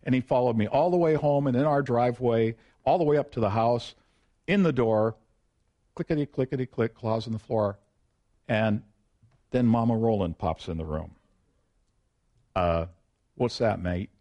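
Male pastor, folksy and self-deprecating, animated storyteller in the pulpit. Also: medium pitch, normal speed. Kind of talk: sermon with personal storytelling.

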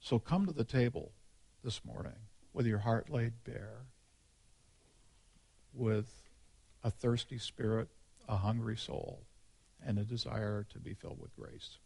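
Gravelly-voiced pastor preaching casually. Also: male voice, lowish voice, fairly even intonation, a little slow, long pauses, a little mellow. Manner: candid, conversational, informal. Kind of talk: sermon.

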